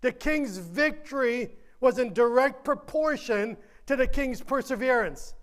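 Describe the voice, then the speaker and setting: A man with a very high voice preaches a sermon as a pastor. He's earnest and driving, repeating questions and drawing out his lines.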